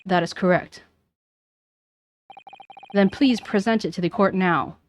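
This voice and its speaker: A woman's voice: medium pitch, measured pace, slight background noise. A woman streamer reading visual novel dialogue aloud, voicing the characters and stumbling over names.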